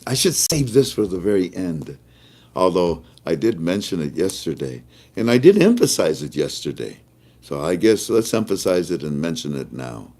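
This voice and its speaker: A man hosting a casual live-stream talk show, animated, often chuckling and drawing out words for emphasis. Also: a bass voice. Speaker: host.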